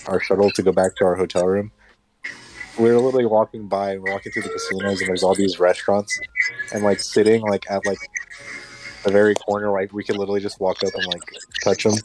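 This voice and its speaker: A man's voice: lowish voice, fast talker, music in the background, low-quality recording. A young man co-hosting a podcast, telling stories in a casual, profane way. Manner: profane, animated storyteller. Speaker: podcast co-host. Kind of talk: casual chat among friends.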